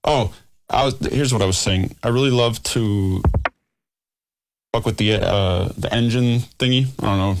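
A man's voice: lowish voice, measured pace, vocal fry, slight background noise. A man producing music on a livestream, talking to himself in a scattered way, swearing and mocking himself. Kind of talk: casual livestream talk while working.

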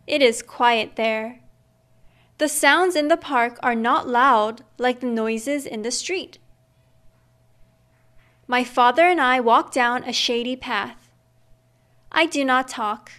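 A woman reading a children's picture book aloud, slow and gentle, acting out the sounds in it. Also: a little high. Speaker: storyteller.

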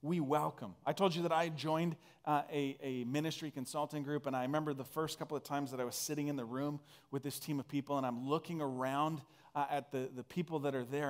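A man's voice: fairly high pitch, brisk. A man from northern Canada preaching a conversational sermon, earnest and full of restarts. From northern Alberta, Canada. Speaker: pastor.

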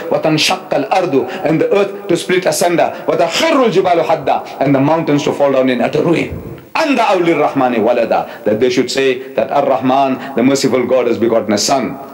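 A man in his seventies giving a public religious lecture, emphatic and animated, with wry asides. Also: on the high side, poor audio. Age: 70s. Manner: recites Arabic verses quickly, then explains them. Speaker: Islamic lecturer.

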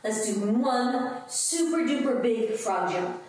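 A woman's voice: on the high side, expressive, slow, a little mellow. A woman leading a children's yoga lesson in a playful, sing-song way, making animal sounds along with the kids. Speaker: kids' yoga teacher. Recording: echoey room, voice from a distance, faint noise.

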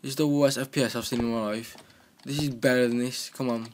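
Excitable young man gaming. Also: mid-range voice, quick pace, slight background noise. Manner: excitable, joking self-talk. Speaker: gaming commentator. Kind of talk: casual gameplay commentary. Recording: home recording with keyboard clicking.

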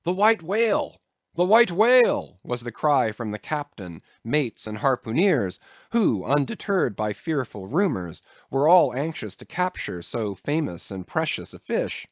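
A man's voice: medium pitch, big pitch swings, a little slow, hardly any pauses, dry recording. A man narrating an audiobook with a dramatic storytelling delivery. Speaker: audiobook reader. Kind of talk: scripted narration.

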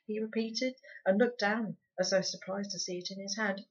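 A woman reading a children's book aloud for a book club, with a lively, dramatic storyteller's delivery. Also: mid-range voice, moderate pace, husky. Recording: dull lo-fi recording.

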